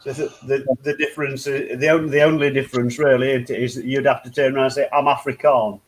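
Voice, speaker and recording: A man's voice: mid-range voice, little pitch movement. A man from England joking and teasing his friends in a casual online chat. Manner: joking, teasing, quick to laugh.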